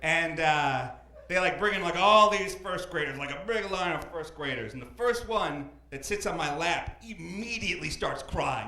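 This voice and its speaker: High, lively young man doing stand-up. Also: moderate pace, slight background noise. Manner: rambling, deadpan asides with filler hesitations. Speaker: stand-up comedian. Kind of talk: stand-up comedy set. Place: comedy club stage. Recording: roomy club with live crowd.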